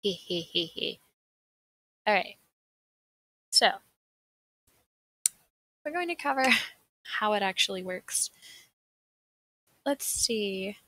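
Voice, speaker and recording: Bright, husky young woman presenter. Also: mid-range voice, expressive, slow pace, pauses often, no room sound, poor audio. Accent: Southern American. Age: young adult. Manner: chatty and rambling, laughing often. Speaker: seminar presenter. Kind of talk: casual livestream presentation. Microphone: desk mic on a livestream.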